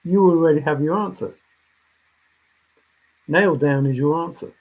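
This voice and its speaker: Brief: male solo commentator, slightly high and husky, preachy rant that swings quiet to loud. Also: normal speed, low-quality recording. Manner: lecturing, insistent, repeats himself, swings between soft and loud. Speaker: treasure hunt commentator. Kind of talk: ranting monologue.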